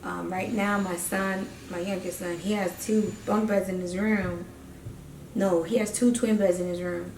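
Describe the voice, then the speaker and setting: A woman's voice: medium pitch, steady tone, a little slow, a little mellow. A woman, rambling casually as a vlogger with lots of fillers. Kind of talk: casual vlog chat. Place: empty house during a move. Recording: roomy and distant, faint noise.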